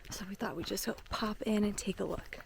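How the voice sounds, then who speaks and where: A woman travel vlogger gushing excitedly and saying "like" a lot, filmed outdoors at a lakeside lodge on a handheld camera. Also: mid-range voice, a little fast, gravelly. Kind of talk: casual travel vlog. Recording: noisy outdoor ambience.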